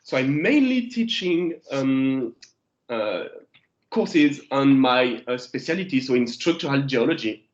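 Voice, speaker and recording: A French man in his thirties, a guest geologist giving a remote lecture to students, speaking English with a French accent, halting and restarting as he searches for words. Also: medium pitch, expressive. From France. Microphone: video call. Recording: echoey, lo-fi video call audio.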